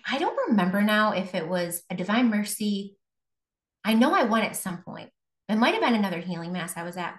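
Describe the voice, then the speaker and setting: A woman from Buffalo, New York, giving a candid, emotional faith testimony as a guest, often restarting her sentences. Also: mid-range voice. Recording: roomy echo.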